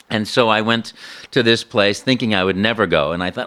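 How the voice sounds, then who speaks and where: In an interview, a male voice actor tells a story animatedly, often stammering and restarting. His voice is lowish and a little fast.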